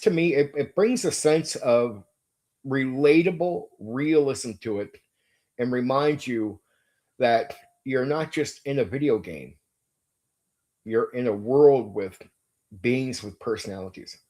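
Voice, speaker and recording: A man's voice: medium pitch, animated, takes it slowly, pauses often, darkish tone. A man hosting a casual stream about running tabletop games, enthusiastic and emphatic, swearing freely and repeating words as he thinks aloud. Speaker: game master and channel host.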